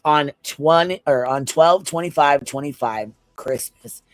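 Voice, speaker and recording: A man's voice: on the high side, measured pace, soft background music, poor audio. A man on a livestream panel reading a legal filing aloud, breaking off into blunt, profane, incredulous asides.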